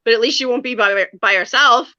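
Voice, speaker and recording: A woman's voice: fairly high pitch, brisk, sharp tone, no room sound, dull audio. A woman joining a live stream as a guest, chatting casually and joking about herself. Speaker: guest caller.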